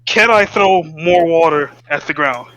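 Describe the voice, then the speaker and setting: A man playing a tabletop role-playing game in casual chat, excitable and swearing freely, slipping into his character's lines. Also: fairly high pitch, a little slow, lo-fi sound, crowd noise. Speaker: player.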